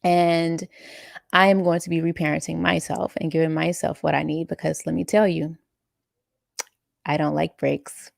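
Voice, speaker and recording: A woman's voice: low voice, flat delivery, normal speed, gravelly, no echo, clean studio sound. A woman hosting a casual live chat and reading out viewer comments, emotional and laughing often. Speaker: live-stream host and coach.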